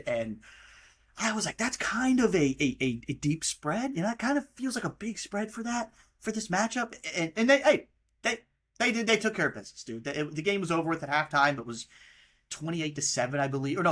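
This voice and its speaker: With a voice on the high side and a bit bright, this young American in his twenties rants heatedly on his casual podcast. College football is his target, and he mocks teams with plenty of swearing.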